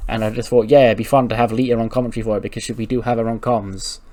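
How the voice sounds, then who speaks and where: A man's voice: mid-range voice, flat delivery, rapid-fire, darkish tone. A man hosting a gaming channel, narrating a let's-play in a rambling, casual way, swearing freely and laughing.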